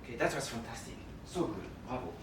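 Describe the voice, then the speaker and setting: A man's voice: medium pitch, big pitch swings, fast, slight background noise. Man coaching flute, roomy hall. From France. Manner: encouraging, sings and tongues rhythms aloud. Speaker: flute teacher giving a masterclass. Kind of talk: masterclass coaching. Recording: roomy, from far off, music behind.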